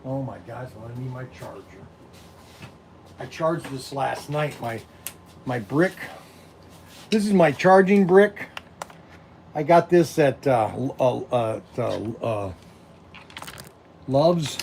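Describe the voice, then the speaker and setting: A man's voice: mid-range voice, slow, creaky, pauses often, a little hiss or hum. A man who runs a hobby shop, chatting casually and rambling to his viewers on a livestream, recorded on a phone set on a tripod. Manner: rambling, animated, talks to viewers directly.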